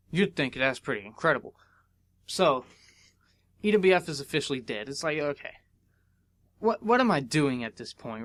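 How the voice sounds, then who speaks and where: A young American man hosts a podcast and tells a long casual story. His voice sits fairly high, and he jumps up in pitch when he acts out what people said. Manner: animated, acts out dialogue with big pitch jumps. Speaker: podcast host.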